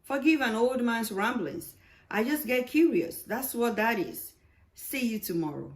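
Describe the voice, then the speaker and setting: A woman speaks in a fairly high, lively voice set above her natural register, taking her time. She's playing a nosy, talkative old male neighbor who rambles and teases in a friendly way.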